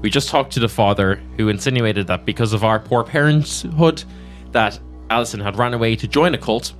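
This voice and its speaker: A male player casually recapping a tabletop horror game, pausing often with fillers. Faint music sits behind him. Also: on the low side. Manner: hesitant, many fillers.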